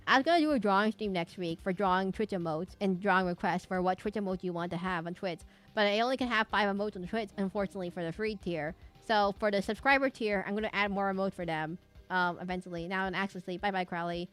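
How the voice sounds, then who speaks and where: A woman's voice: fairly low pitch, a little fast, soft background music. A young woman chatting casually while streaming a game, rambling and giggling with lots of restarts and asides.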